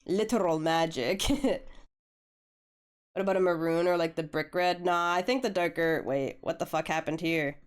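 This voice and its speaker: Hoarse young woman streamer, smooth low voice. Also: moderate pace. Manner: laid-back, swears casually, chats with viewers. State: hoarse from getting over a flu. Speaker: art streamer. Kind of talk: casual chat while drawing on stream.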